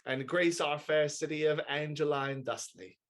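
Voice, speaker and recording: A man improvising as a young lord mayor who flatters and stammers in mock-Shakespearean speech. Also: a little high, normal speed, close to an everyday voice. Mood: flustered. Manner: stammering, with many uh's and restarts. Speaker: improv stage actor.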